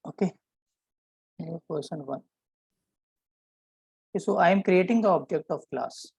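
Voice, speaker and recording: A man teaching a programming lesson, explaining step by step and often checking in with a quick "right?". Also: on the high side, gravelly, a little mellow, breathy edge, no room sound, poor audio. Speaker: programming instructor. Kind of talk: live coding lesson.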